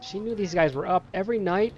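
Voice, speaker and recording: A man's voice: high-pitched, fast, dull audio, slight background noise. Playful man scolding game characters. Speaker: gameplay streamer. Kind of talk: casual let's-play commentary.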